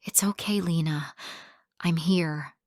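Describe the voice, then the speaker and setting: A woman's voice: fairly low pitch, fairly even intonation, normal speed, no echo, studio quality, lightly acted. Woman voicing a frightened pleading mother. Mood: whispering. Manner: pleading, rising to screams under threat. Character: frightened poor mother protecting her daughter.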